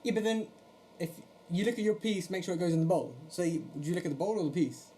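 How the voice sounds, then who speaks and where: A man's voice: high voice, expressive, fast, dark tone, slight background noise. A man from Portugal co-hosting a podcast in casual chat, rambling, swearing a lot and laughing often. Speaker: podcast co-host.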